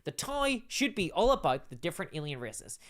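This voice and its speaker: Streamer reading chat live, super bouncy pitch, giggles a lot, rambly. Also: brisk. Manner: animated, giggly, rambling with many fillers. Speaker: livestream host reading chat. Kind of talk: casual livestream chat.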